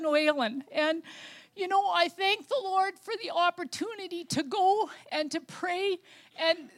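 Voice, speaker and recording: Older woman, high voice, heartfelt rambling church talk, grandmotherly testimony. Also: fairly bright tone. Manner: heartfelt, rambling, many fillers and restarts. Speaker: lay speaker at church.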